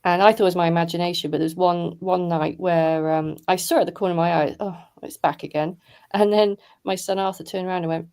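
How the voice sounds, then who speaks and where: A woman's voice: fairly low pitch, fairly even intonation, fast, a little mellow, clear, resonant tone. A woman, a podcast guest, telling stories frankly and matter-of-factly over a video call. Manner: frank, matter-of-fact storytelling. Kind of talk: casual chat.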